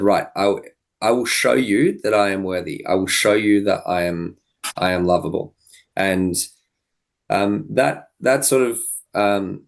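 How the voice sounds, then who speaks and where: Podcast guest, young man, low gravelly voice, earnest reflective storyteller. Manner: earnest, thoughtful, with frequent restarts and quoted dialogue.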